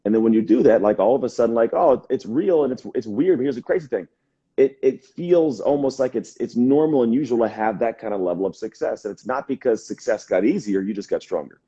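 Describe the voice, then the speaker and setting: A man's voice: medium pitch, husky. A man, a motivational speaker, talking energetically in a casual live video chat, acting out quotes as he tells stories. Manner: energetic, fast storytelling with acted quotes. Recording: muffled lo-fi livestream audio.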